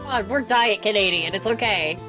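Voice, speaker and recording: A woman's voice: mid-range voice, moderate pace. Woman let's play co-host, easygoing joking banter, game music behind. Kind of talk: casual gaming chat.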